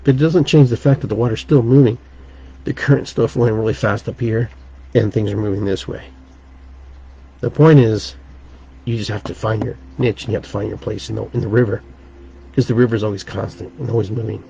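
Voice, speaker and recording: A man's voice: on the low side, fairly even intonation, a little fast, gravelly, mellow. A man hosting his own podcast, telling a rambling, earnest story in a casual way and restarting his sentences often. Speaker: podcast host and shaman teacher. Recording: dull lo-fi recording.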